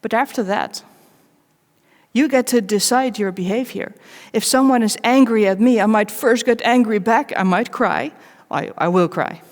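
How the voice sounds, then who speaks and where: A woman giving a live conference talk, candid and personal, with wry self-mocking asides and measured pauses between short phrases. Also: a little high. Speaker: conference speaker. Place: large conference hall. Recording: long reverb of a big hall.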